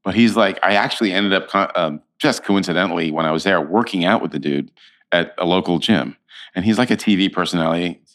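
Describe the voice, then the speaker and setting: A man being interviewed, telling stories in a casual, animated way with plenty of restarts. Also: deep voice, a little fast. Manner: animated storyteller, slips into quoted voices. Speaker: actor, interview guest.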